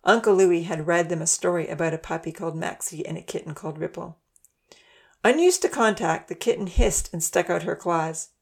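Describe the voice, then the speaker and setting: A woman narrating a children's story in a gentle, even storytelling manner. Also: on the low side, brisk, creaky, breathy edge.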